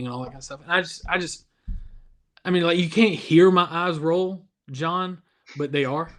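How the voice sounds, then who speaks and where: A man's voice: fairly high pitch, moderate pace, fairly bright tone. A man hosting a casual youth devotional over a video call, chatty and self-deprecating. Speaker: youth ministry devotional host.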